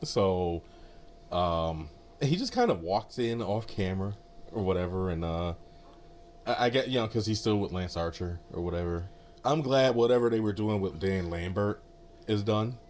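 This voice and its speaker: A man's voice: low-pitched, lively intonation, moderate pace, a little mellow, slight background noise. A man co-hosting a wrestling podcast in casual chat, laughing often and padding with fillers. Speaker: podcast co-host.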